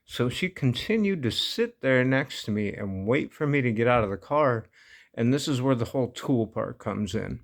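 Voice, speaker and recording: A man's voice: mid-range voice, expressive, moderate pace, gravelly. A man casually telling a personal story, laid-back and amused, often breaking into laughter. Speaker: vlogger.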